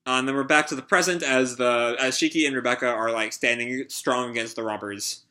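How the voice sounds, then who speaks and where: A man's voice: medium pitch, normal speed, pushed and bright. A young man recapping a comic chapter live, rambling with many "like" and "uh" fillers. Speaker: channel host reacting to a comic chapter.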